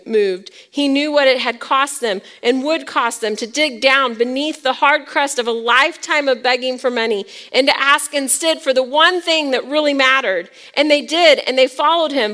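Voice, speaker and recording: A woman pastor preaching with a high voice. Her delivery is dramatic, dropping to near whispers and then rising to loud emphasis. Her tone is bright and sharp, and she keeps asking the congregation questions. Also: unhurried, few pauses. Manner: asks the congregation rhetorical questions. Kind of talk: sermon.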